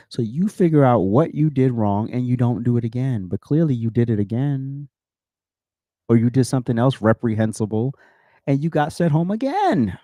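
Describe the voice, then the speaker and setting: A man's voice: medium pitch, warm tone, no echo, studio quality. Blunt profane man ranting. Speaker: host. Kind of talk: angry commentary on news clips.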